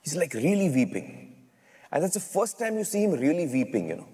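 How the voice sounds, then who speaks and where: A man, telling animated stories as a guest in an interview. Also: fairly high pitch, brisk, slightly rough. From India. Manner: animated, acts out dialogue while telling stories. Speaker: guest filmmaker. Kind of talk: storytelling in an interview. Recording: long reverb in a hall.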